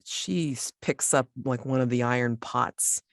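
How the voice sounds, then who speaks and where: A woman running a tabletop game as game master, narrating slowly and hesitantly, with many restarts. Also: very deep voice, no echo, clean studio sound.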